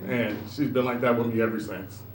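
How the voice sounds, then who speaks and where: A tearful man speaking as a proud father and coach, halting and heartfelt, at a school ceremony. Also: mid-range voice, fairly even intonation. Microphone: handheld microphone. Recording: echoey noisy room.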